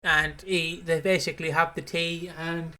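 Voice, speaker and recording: Guy on a podcast, bright forceful voice, rambly, keeps restarting his sentences. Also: on the high side, level tone, unhurried. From Britain. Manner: rambling, restarts, laughs at his own retellings. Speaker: podcast co-host. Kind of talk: casual chat.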